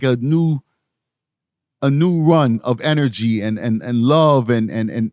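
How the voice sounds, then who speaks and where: A man's voice: fairly high pitch, no room sound, clean studio sound. A man from New York City giving rambling true crime commentary on a live stream, tired from lack of sleep. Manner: rambling, conversational, frequent restarts.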